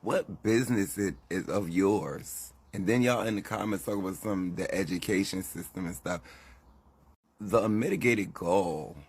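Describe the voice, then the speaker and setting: A man's voice: low voice, vocal fry, breathy edge. A man delivering a heated, indignant rant to the camera, scolding and swearing. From United States. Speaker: social media commentator.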